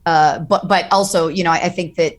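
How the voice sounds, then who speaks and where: Lowish-voiced woman chatting, animated, acts out voices as she talks. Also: brisk. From Colombian-American. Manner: animated, acts out quoted voices with big pitch jumps. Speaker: guest voice actor. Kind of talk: casual podcast chat.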